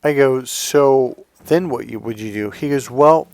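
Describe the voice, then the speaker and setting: A man's voice: mid-range voice, unhurried, gravelly, darkish tone, no echo, soft background music. A middle-aged man talking as a dating coach in a blunt, profane, emphatic monologue, telling stories and acting out the people in them. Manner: blunt, profane, emphatic, tells anecdotes with quoted voices. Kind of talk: casual monologue.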